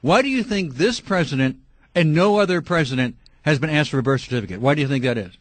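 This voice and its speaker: A middle-aged man hosting a call-in radio talk show, talking fervently and breaking into shouting rants. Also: on the high side, animated, fast talker, dry recording. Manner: impassioned, ranting, shouting at times.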